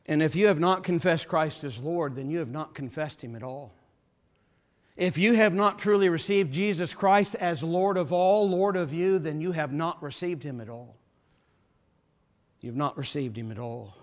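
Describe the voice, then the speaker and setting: A man preaching a sermon as pastor, impassioned, repeating phrases and building to forceful emphasis. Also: a little high, normal speed.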